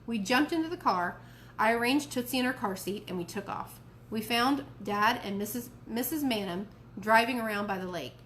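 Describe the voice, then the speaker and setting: A woman reading a children's novel aloud for a library storytime, clear and expressive. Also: a little high, normal speed, slight background noise.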